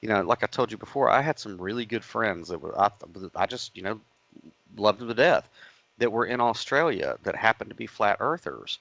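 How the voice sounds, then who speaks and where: A man's voice: on the low side, sing-song, fairly quick, vocal fry, a bit bright, no echo, rough recording. A man co-hosting a casual podcast, rambling through stories with many restarts. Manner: rambling storyteller, frequent restarts and fillers. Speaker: podcast co-host.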